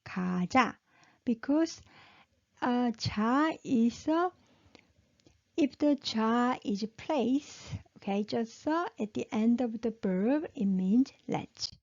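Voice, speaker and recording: A woman's voice: on the high side, slow, darkish tone. A woman with a Korean accent teaching Korean pronunciation, modelling syllables and praising the learner. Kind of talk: pronunciation lesson. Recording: dull lo-fi sound.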